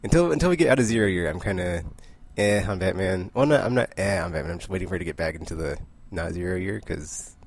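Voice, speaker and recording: A young man chatting casually about the comics he picked up this week, rambling with asides and short laughs and acting out the characters in quick voices. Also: sits low, expressive. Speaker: comic book vlogger. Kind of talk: casual comic book review.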